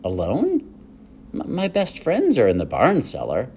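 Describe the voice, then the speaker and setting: A man's voice: medium pitch, wildly swooping pitch, a little slow, darkish tone, a little hiss or hum, pitched above the performer's own voice. A man reading aloud and voicing an imaginative young farm girl, earnest and eager as she tells her tales.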